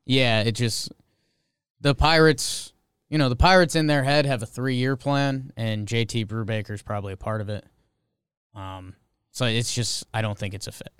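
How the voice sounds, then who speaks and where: A man's voice: medium pitch, steady tone, moderate pace, a bit bright, smooth, dry recording, studio quality. A man co-hosting a casual sports show, laid-back and hedging his points. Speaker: podcast co-host.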